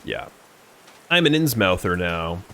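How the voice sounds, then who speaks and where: A man's voice: deep voice, very animated, unhurried, sharp tone. A man casually chatting and joking on a live stream while playing a game, sometimes breaking into song. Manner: joking, sings song snippets.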